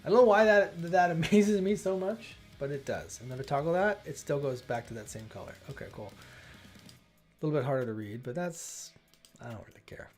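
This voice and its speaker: A man talks through his coding on a livestream, chatty and self-interrupting, and he exclaims when things work. His pitch swings widely. Faint music plays in the background. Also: expressive, a little fast, a little mellow. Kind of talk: thinking aloud while coding.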